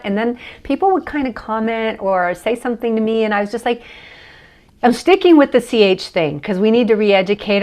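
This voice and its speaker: A woman with an American accent, a podcast guest who teaches chakras, talking casually and laughing often as she thinks aloud. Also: medium pitch. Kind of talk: casual interview conversation.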